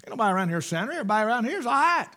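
Man, preacher, sermon, folksy and emphatic, bright forceful tone. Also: extremely high pitch, big pitch swings, racing. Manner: folksy, emphatic, swings between loud bursts and hushed asides.

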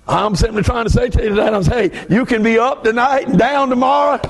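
Fast, husky, and full of vocal fry, a man with a Southern US accent preaches a fervent revival sermon as a guest. He moves from quiet asides up to shouting.

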